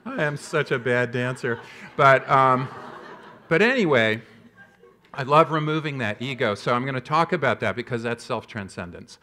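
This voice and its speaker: A man in his fifties delivers a conference keynote as a public health professor. He tells stories with animated energy and self-deprecating humor. His voice sits in a middling register. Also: medium pitch, normal speed.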